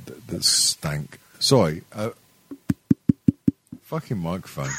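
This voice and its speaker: A man's voice: low-pitched, expressive, takes it slowly, creaky, pushed and bright, a little hiss or hum. A middle-aged man hosting a podcast, telling a story in a rambling, sweary way and laughing often. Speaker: podcast host. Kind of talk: casual comedic chat.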